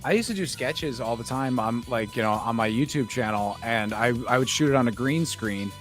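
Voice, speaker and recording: A man co-hosting a podcast, chatting casually and telling animated stories to make his points. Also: mid-range voice, normal speed, soft background music. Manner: storytelling, animated when making a point. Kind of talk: casual chat.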